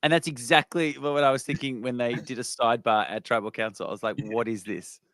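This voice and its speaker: A man's voice: mid-range voice, fairly even intonation, fast talker, fairly bright tone, dry recording, studio quality. A man, a guest who openly breaks down the game's strategy in casual chat. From Australia. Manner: candid, explains strategy plainly. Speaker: guest, former contestant.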